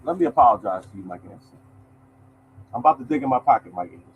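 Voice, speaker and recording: A man's voice: mid-range voice, expressive, racing, phone-quality sound, a little hiss or hum. A man hosting a lottery podcast in a casual, emphatic monologue, repeating his points and calling listeners y'all.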